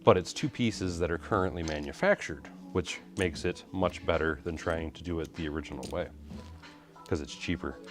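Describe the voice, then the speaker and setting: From his home hobby room, a man hosts a live stream, greeting viewers and chatting casually while sorting bricks. His voice is low and his speed normal, with faint music behind him and the mic kept a little away from his face.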